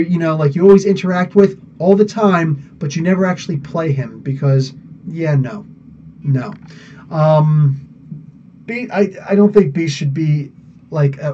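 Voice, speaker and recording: Chatty guy hosting a live chat show, lots of ums, highish voice, kinda far from the mic, muffled sound. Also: mellow, a little hiss or hum. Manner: rambling, chatty, laughs often, many fillers. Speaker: podcast host answering live chat. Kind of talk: casual live-stream chat.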